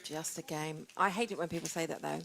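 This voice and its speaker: A woman's voice: deep voice, steady tone, brisk, creaky, a crowd in the background. A woman giving casual live poker commentary, chatty and playful in her banter.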